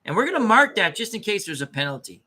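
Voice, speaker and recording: Man, slightly high voice, thinking aloud, playing a dice game, self-correcting. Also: very animated, fast, noisy background. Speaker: tabletop game player and channel host.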